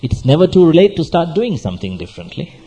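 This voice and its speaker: A man preaches with a husky, slightly breathy voice and a dark, mellow tone. He exhorts his listeners in a sermon, repeating phrases and firing questions at them. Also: on the high side, sing-song, fast talker, low-quality recording. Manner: exhorting, repetitive, asks the audience questions. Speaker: pastor.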